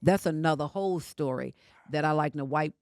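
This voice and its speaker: A woman's voice: sits low, brisk, darkish tone, clean tone, no echo. Older woman, podcast guest, emphatic storyteller, dry studio sound. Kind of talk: emotional casual conversation.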